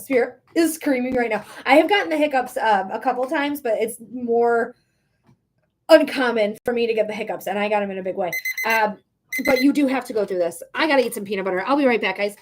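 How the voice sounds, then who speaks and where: A woman's voice: a little high, brisk. Chatty woman reading tarot live. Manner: chatty, frank, swears casually. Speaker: tarot reader.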